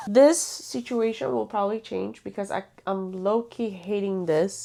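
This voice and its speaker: A woman's voice: mid-range voice, fairly even intonation, measured pace, creaky, hardly any pauses, darkish tone. Casual book vlogger: woman, playful, chatty, swears offhand, talks to camera.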